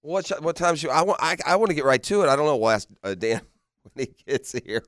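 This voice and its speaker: A man hosts a sports radio show, his voice sitting a little high for a man. He banters playfully, laughing often and teasing with rhetorical questions. The studio sound is close and dry. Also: animated, quick pace, no echo. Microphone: studio microphone.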